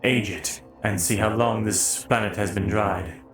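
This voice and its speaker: A man's voice: lowish voice, fairly even intonation, measured pace, lightly acted. A man playing a stiff, formal synthetic soldier. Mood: calm. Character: formal literal-minded male synthetic soldier. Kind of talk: live virtual-world role-play. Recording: roomy echo, faint music.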